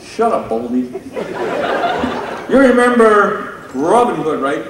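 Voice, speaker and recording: Sitting high with big pitch swings and a slow pace, a stand-up comedian at a benefit tells jokes and playfully ribs audience members. The hall is echoey, the mic far away, and crowd noise comes through.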